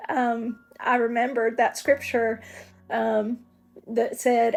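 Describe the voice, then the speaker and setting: A woman's voice: fairly high pitch, fairly even intonation, slow pace, creaky. A woman singer-songwriter giving a personal testimony in an earnest, vivid storytelling manner.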